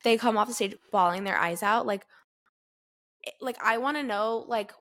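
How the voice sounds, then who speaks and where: A woman in her twenties co-hosting a podcast, talking casually with lots of "like" and lively retellings. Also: a little high, moderate pace. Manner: chatty, heavy use of "like", animated retellings. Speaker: podcast co-host. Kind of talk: casual chat.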